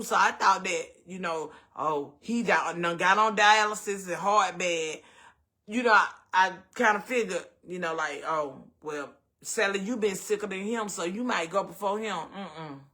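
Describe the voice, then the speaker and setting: This high-voiced male host talks casually with his viewers in a Southern US accent. He calls them baby and honey in a lively, animated manner.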